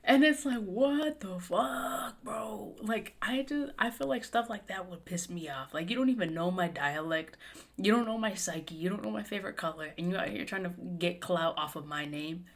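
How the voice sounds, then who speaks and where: A woman's voice: lowish voice, fairly quick. A young adult woman hosting a podcast in casual chat, emphatic, swearing often and full of fillers. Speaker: podcast host.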